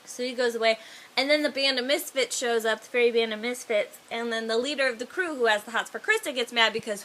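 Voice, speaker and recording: A woman with a high, bright voice rambling through a film's plot in a casual vlog. She strings her telling along with constant "like" and "um," and there is a faint hiss behind her. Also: fast talker. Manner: rambling, full of "like" and "um". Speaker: vlogger. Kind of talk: casual film retelling.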